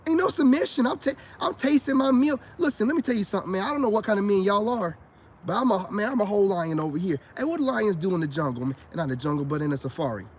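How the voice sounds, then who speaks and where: A man's voice: high-pitched, expressive, fast, a little hiss or hum. A man giving a casual vlog monologue to camera, boastful and preachy, talking straight to his viewers as brothers and repeating his points. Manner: addresses viewers directly as brothers. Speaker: self-styled spiritual advice vlogger.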